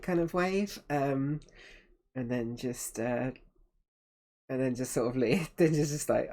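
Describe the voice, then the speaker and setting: A woman's voice: extremely low pitch, unhurried, pauses often, warm tone, soft background music. A woman casually describing her character's actions in a tabletop game. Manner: casual, laid-back, many likes. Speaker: player.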